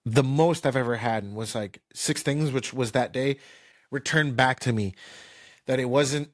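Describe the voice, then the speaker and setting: A man's voice: medium pitch, unhurried. A man hosting a podcast, telling a kitchen story casually, with lots of "like" and restarts, acting it out with sound effects. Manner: lively anecdote-telling with sound effects like pop and bam; loose, filler-heavy talk with "like" and restarts. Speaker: podcast host.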